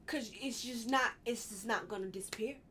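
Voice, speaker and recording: A woman's voice: a little high, normal speed, background noise. A woman hosting a casual commentary vlog, exasperated and rambling, with frequent restarts and apologetic asides. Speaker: vlog host.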